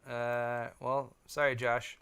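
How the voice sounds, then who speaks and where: A man's voice: mid-range voice, little pitch movement, slow, a bit bright, clean tone. A man co-hosting a live tech hardware show, chatting casually and reading out viewer comments. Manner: rambling, self-correcting, reads viewer comments. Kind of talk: casual livestream chat.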